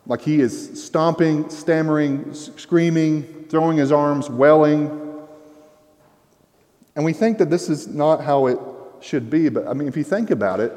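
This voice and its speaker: A man's voice: on the high side, expressive, brisk, warm tone. A man preaching a sermon in a casual, conversational way, full of fillers like "like" and "I mean.". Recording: long reverb of a hall.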